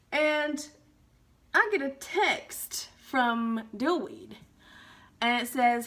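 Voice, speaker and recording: Bright-voiced young woman telling a story. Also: medium pitch, moderate pace. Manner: profane, animated storytelling with quoted voices. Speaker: vlogger. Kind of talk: casual storytime.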